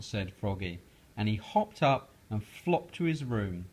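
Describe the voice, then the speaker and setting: A father reads a bedtime picture book aloud to his daughter in a gentle, unhurried storyteller's voice. His pitch rises and falls with lots of expression, and the voice has a husky, breathy texture. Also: rough recording. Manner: slow, gentle, lively storyteller.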